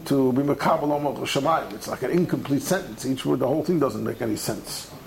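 Fast-talking and gravelly, with a mid-range voice, a teacher delivers a Talmud study lecture in an animated, conversational style, acting out the texts he cites. The recording is low quality, with a little hiss or hum.

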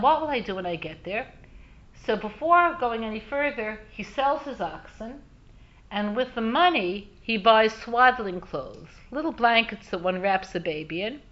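A woman teaching a Torah lesson as an animated storyteller who pauses for frequent asides. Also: a little high, lo-fi sound.

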